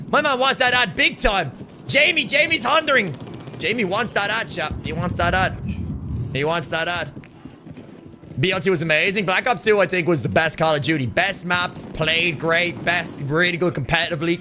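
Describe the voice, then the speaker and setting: A British man streaming a shooter game live, excitable and taunting, yelling and laughing as he plays. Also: high voice, background noise. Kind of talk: live gameplay commentary.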